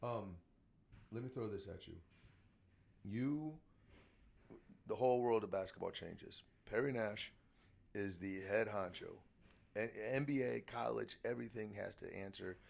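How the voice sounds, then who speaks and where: A middle-aged man, hosting a casual podcast and telling lively coaching anecdotes. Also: fairly low pitch, a little slow, vocal fry, pauses often. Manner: chatty storyteller, animated anecdotes. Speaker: podcast host, shooting coach.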